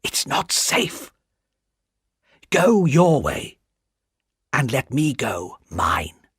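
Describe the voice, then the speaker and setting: A woman voicing a frightened male spy who speaks in a low, hushed voice in a read-aloud story. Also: takes it slowly, breathy edge, no room sound, studio quality, exaggerated voice.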